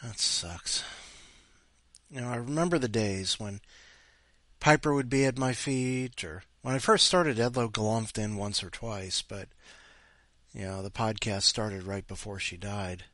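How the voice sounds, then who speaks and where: A man's voice: fairly low pitch, unhurried, fairly bright tone, no echo, clean studio sound. A man hosting a podcast, chatting casually and rambling playfully. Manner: rambling, playful, talks to his cat. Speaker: podcast host. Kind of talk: casual chat.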